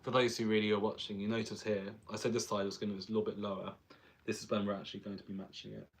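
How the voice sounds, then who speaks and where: A man's voice: on the low side, little pitch movement, rapid-fire. A man who is a drag performer, chatting playfully while doing his makeup and laughing often.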